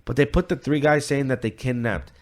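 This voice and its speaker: This man's medium-pitched voice stays steady and brisk as he co-hosts a podcast, retelling a story in casual chat. He's loose and profane, rambling with filler words and quoted voices.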